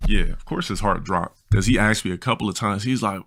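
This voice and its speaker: 40s dude streaming, gravelly low voice, bright edge, blunt crude storytelling, rambles. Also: male voice, brisk. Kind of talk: casual storytelling on a livestream.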